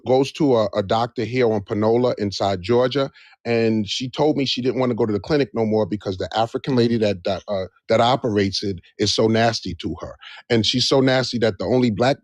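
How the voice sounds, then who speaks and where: A man's voice: medium pitch, no echo. A man speaking in an impassioned live discussion, emphatic and repeating phrases for stress. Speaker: livestream debate participant. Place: Georgia area, on a live stream.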